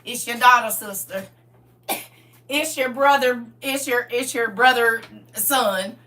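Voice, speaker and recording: Recorded from a distance away from the mic, a middle-aged woman chats casually on her livestream, laughing a lot in a playful, boisterous way. She speaks slowly, with a fairly high pitch and a sharp tone.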